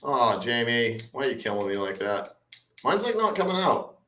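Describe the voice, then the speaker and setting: Over a video call, a man co-hosts a casual live show, moaning, laughing, and making a big dramatic fuss about the heat. His medium-pitched voice is very animated at a normal speed, with crowd noise behind him.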